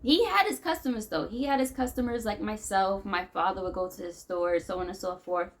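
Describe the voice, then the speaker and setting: An American woman vlogs in a brisk, mid-range voice, and the audio quality is poor. She rambles loosely through her thoughts in an unscripted venting monologue that keeps circling back on itself.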